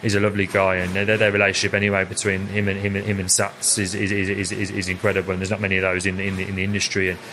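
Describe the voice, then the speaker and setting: A man's voice: low voice, completely flat delivery, rapid-fire, few pauses, pushed and bright, a little hiss or hum. A young man, a head chef, chatting casually as an interview guest and telling rambling stories full of repeated words.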